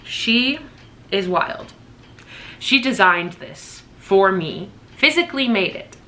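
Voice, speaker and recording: A woman in her twenties chatting excitedly in a casual birthday haul vlog at home, gushing and swearing casually. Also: mid-range voice, slow. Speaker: vlogger.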